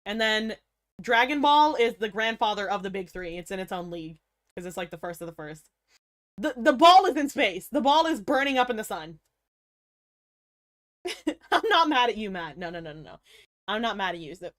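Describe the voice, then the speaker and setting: A woman's voice: medium pitch, big pitch swings, moderate pace, a bit bright. Woman, young adult, casual stream chat, mock-outraged, laughs a lot, swears. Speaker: livestreamer chatting with viewers.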